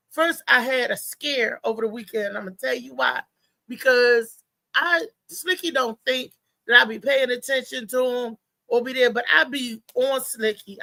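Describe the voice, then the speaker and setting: A woman hosting a live show, telling a story in a chatty, animated way. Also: sits high, gravelly, no echo. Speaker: host. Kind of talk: casual live show chat.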